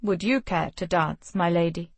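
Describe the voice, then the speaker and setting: Brief: woman doing a calm, gentlemanly lord, wry and measured, slightly lower, dry sound. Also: no room sound. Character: composed young English lord, courteous and wry.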